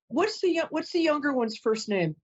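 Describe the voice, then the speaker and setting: A woman's voice: high voice, highs cut off. A woman psychic host doing a reading for a caller, chatty, emotional and apologetic, often close to tears.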